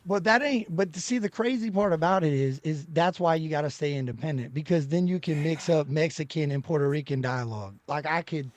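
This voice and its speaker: A man's voice: fairly high pitch, brisk, hardly any pauses. A young man hosting a casual reaction chat, loose and joking, often trailing off into mumbles. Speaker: streamer, show host.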